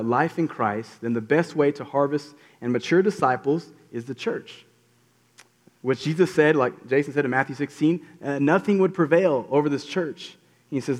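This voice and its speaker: A man's voice: mid-range voice, darkish tone. Man, pastor, conversational sermon, fillers and restarts, reverberant hall. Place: church hall.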